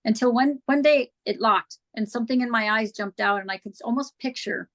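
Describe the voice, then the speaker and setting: A woman's voice: on the high side, a little fast. A woman guest on an interview show, telling her personal story in a candid, earnest way and acting out past conversations.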